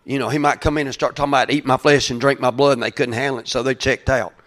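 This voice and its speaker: A man, preaching a conversational sermon full of restarts, building to louder passionate peaks. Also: mid-range voice, steady tone, quick pace. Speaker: pastor.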